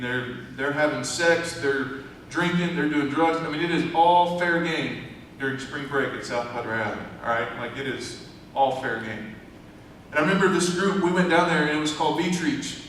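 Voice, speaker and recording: Guy preaching a story in a church, kinda high voice, lots of hall echo and faint room noise. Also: a bit bright. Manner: storytelling, conversational with rising emphasis. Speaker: church speaker. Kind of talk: sermon testimony. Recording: echoey church hall from far off.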